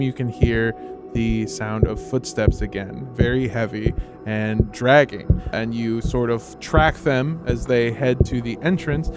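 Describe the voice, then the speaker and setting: A man narrating a tabletop horror game as game master, casual and full of fillers. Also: mid-range voice.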